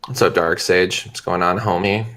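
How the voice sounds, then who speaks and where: This is a young man, chatting loosely before a tabletop game stream. His voice sits on the low side but comes across bright and forceful. He rambles, swears freely and leans on filler words. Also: fairly even intonation, normal speed, a little hiss or hum. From Canada. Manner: rambling, profane, lots of "like". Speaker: player, bartender.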